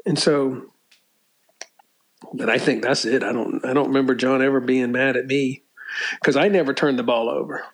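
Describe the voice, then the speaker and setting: An older man, relaxed and chatty, telling stories from his past work. He restarts sentences often, clears his throat and laughs along with his own anecdotes. His voice sits at an ordinary middle pitch. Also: normal speed, long pauses, poor audio. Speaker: former college sports media relations staffer, guest. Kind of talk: casual storytelling interview.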